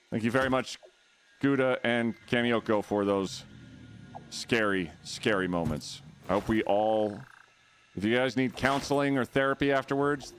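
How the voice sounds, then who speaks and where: A man streaming a video game, chatting with his viewers in a playful, jokey way. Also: on the low side. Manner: playful, jokey, shrieks and laughs. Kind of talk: casual live-stream chat.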